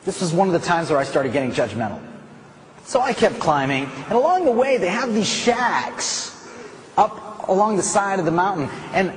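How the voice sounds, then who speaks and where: Animated male motivational storyteller. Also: high-pitched, normal speed. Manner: animated, swings from loud shouting to hushed. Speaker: motivational speaker.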